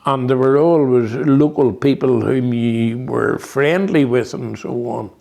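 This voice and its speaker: A man's voice: medium pitch, unhurried, creaky, darkish tone. A man in his eighties with a Northern Irish accent, telling rambling anecdotes in an interview with many restarts and fillers. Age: 80s. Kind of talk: reminiscing conversation.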